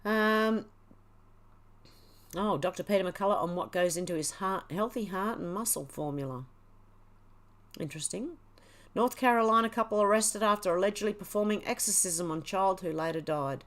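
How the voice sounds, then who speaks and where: A woman chats through a casual livestream in a mid-pitched voice. She reads out headlines and viewer comments and reacts aloud with exclamations and easy laughter. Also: moderate pace, a bit bright. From Australia. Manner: chatty, exclaiming, laughs often. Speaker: livestream host. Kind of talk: casual livestream chat, reading news and comments.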